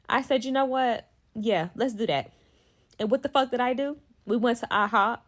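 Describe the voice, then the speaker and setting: A woman telling a story casually and dramatically, animated and full of swearing. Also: fairly high pitch, moderate pace. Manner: animated, profane, dramatic retelling.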